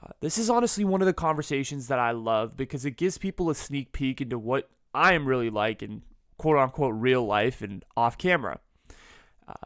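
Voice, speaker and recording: Young male host, smooth resonant voice, dry close sound, casual outro. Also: medium pitch, dry recording. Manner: casual, eager, direct to listeners. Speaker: podcast host. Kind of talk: solo outro to listeners.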